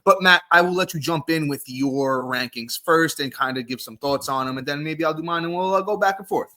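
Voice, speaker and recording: A man hosting a sports podcast, reading the intro and ads in an energetic, hyped-up way. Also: a little high, fairly quick. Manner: energetic, hyped, ad-read delivery. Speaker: podcast host. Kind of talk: upbeat podcast intro and chat.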